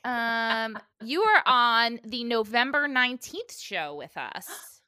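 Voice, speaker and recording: A cheerful woman talks as a podcast guest, bright-toned and lively in pitch. She laughs easily, and the sound is dry and close to the mic. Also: slow, no room sound. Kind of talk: casual chat.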